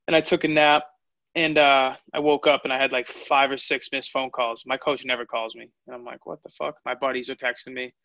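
Bright-voiced young man, dry lo-fi sound. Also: medium pitch, flat delivery, brisk, no room sound. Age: 20s. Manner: candid storytelling. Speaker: fighter. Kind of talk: interview answers. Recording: dull lo-fi audio.

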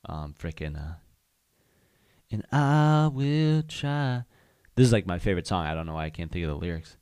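A man's voice: extremely low pitch, very fast, a little mellow, no room sound. A young man hosting a podcast, chatting casually and candidly on his own, rambling with lots of fillers. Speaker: podcast host. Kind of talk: casual solo chat.

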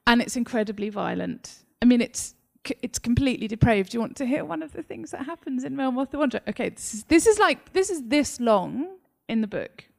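An English woman author, speaking in an animated interview conversation and often breaking into laughter as she tells stories. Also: fairly high pitch, a little fast, creaky, few pauses. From England. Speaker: author guest. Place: library talk.

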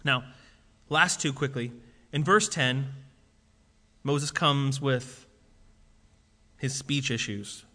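Bright-voiced man preaching in a reverberant hall. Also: medium pitch, takes it slowly, pauses often. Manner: casual, conversational preaching with frequent fillers. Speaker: pastor. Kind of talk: sermon. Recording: long reverb of a large hall.

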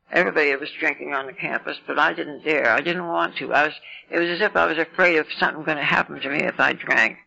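A woman's voice: low voice, gravelly, sharp tone, slightly rough. A woman in her eighties telling her recovery story at a meeting, rambling and self-mocking, with wry asides. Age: 80s. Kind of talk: personal recovery story talk. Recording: lo-fi 1990s meeting tape.

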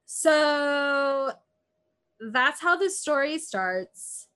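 This woman's voice sits high, with drawn-out words and an expressive, bright, forceful tone. As a casual podcast co-host she retells a true-crime episode, rambling, leaning heavily on "like," and acting out what people said.

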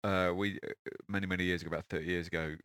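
A man's voice: low voice, little pitch movement, rapid-fire, a bit bright, smooth, no room sound, studio quality. A man, hosting a casual interview as a chatty storyteller who laughs often. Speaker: podcast host.

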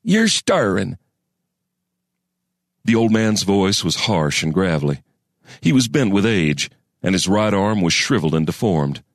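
A man narrating a western story in a folksy storyteller cadence with deliberate pauses. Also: low voice, dry recording, studio quality. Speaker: audiobook narrator.

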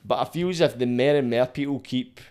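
Laid-back sweary Scottish podcast host. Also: male voice, medium pitch, a little fast, darkish tone, smooth. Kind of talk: casual podcast chat.

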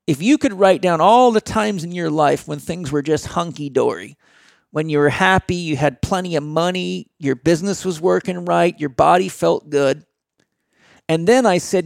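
Middle-aged male guest, blunt lecturing delivery, gravelly high voice. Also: normal speed, dry recording, studio quality. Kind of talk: motivational talk.

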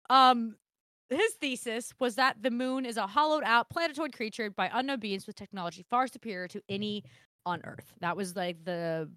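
Bright, lively woman podcaster. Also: a little high, no echo, studio quality. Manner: laughs often, reads notes aloud with quick stumbles. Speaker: podcast co-host. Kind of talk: casual chat.

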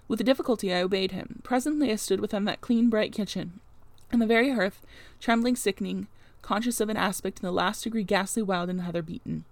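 A woman's voice: medium pitch, brisk, dry recording. Woman reading a classic novel aloud. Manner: expressive reading, wry offhand asides. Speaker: audiobook reader.

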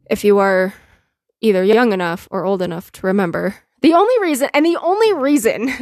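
Woman podcast host, fairly high voice, lively anecdote-telling, dry close mic. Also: no room sound. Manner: animated, laughing often, quotes herself and others. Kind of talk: casual storytelling monologue.

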